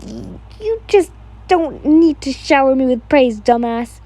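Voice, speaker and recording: Woman reading gruff teen boy, irritable, husky, mellow. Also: high-pitched, lively intonation, a little slow, voice pushed up, full character voice. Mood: grumbling. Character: gruff, grumbling teenage boy Genya.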